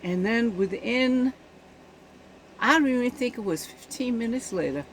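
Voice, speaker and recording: A woman's voice: a little high, expressive, measured pace, a little hiss or hum, rough recording. A woman giving casual spoken commentary on a news event, indignant and emphatic, often checking in with her listeners.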